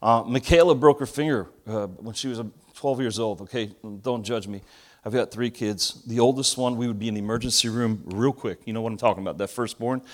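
Man, 40s, from Argentina, pastor, sermon, animated storyteller, medium pitch. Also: brisk. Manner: animated storyteller, jokes with the audience. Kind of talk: sermon with humorous stories.

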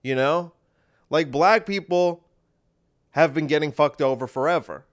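Brief: a podcast host, a man with a slightly high voice, riffing sarcastically with deadpan asides. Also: unhurried. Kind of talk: sarcastic comedic monologue.

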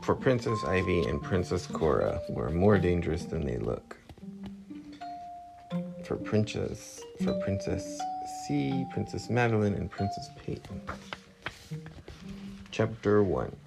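A man reading a storybook aloud to his child, lively and expressive, with a gravelly voice. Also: deep voice, slow pace, pauses often, loud music behind the voice. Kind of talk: bedtime story read-aloud.

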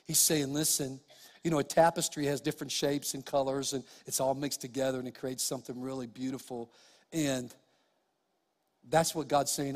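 A middle-aged man preaching a sermon, telling humorous stories and often dropping to soft, quiet tones. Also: medium pitch, little pitch movement, moderate pace. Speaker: pastor. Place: church sanctuary. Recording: long church hall reverb.

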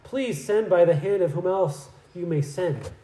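Moses pleading and begging, high strained voice as a preacher puts him on, echoey church. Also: male voice, lively intonation, unhurried, mellow. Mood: solemn pleading. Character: desperate pleading Moses, grown man.

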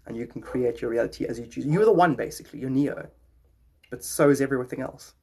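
Husky rambling podcast host, man, jokey and offbeat. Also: mid-range voice, fast, a little mellow. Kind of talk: rambling casual talk.

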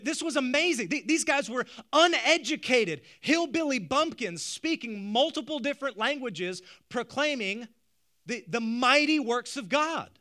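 Man, preacher, sermon, stammering restarts, rhetorical questions, high voice, bright forceful tone. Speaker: pastor.

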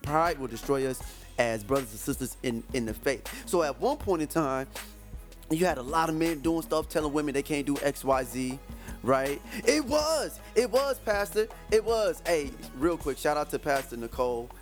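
A lively man with a fairly high voice and a slight twang hosts a faith podcast in casual chat. He rambles, restarts his sentences and laughs easily. Faint music plays softly underneath. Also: moderate pace. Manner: animated, rambling, many restarts, laughs often. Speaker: podcast host.

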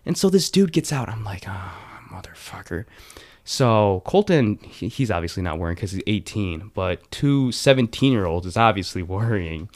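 A man's voice: lowish voice, normal speed, few pauses. A man in his late teens, chatting casually and retelling a story with lots of fillers and restarts. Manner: rambling, animated retelling with many fillers. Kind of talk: casual chat.

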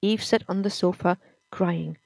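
A woman narrating a story in a measured, somber reading. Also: lowish voice, fairly even intonation, creaky, a little mellow, no echo. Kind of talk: audiobook-style story reading.

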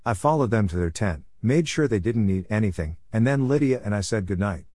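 A man narrating a first-person story in a calm, measured, patiently firm way. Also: lowish voice, dry recording.

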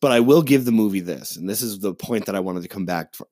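A man co-hosting a podcast, ranting in a casual, profane and animated way as he retells a movie plot. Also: fairly low pitch, fast talker, no echo, studio quality. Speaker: podcast co-host. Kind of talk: casual chat.

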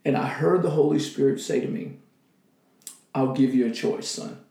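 A man's voice: mid-range voice, moderate pace, warm tone, roomy sound. A man sharing an emotional missionary testimony in casual conversation, acting out his own prayers. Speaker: missionary guest.

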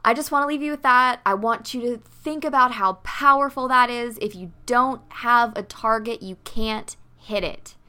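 A woman's voice: fairly high pitch, moderate pace, few pauses, bright, forceful tone, clear, resonant tone. A woman vlogger telling a story and giving emphatic, motivational advice to dancers.

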